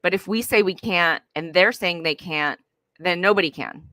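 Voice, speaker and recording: Bright-toned woman explaining parenting. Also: fairly low pitch, moderate pace, no echo. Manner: earnest, explanatory, many fillers. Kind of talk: conversational advice.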